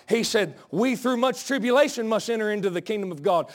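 A male pastor preaching a sermon, out of breath, swinging from folksy asides to shouted peaks. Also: high voice, expressive, brisk, hardly any pauses. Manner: folksy, joking asides to the congregation.

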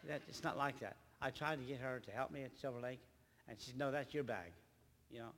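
Older man giving a halting church testimony. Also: mid-range voice, fairly bright tone, big-room sound, a little hiss or hum. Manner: rambling, halting, repeats words. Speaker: lay preacher.

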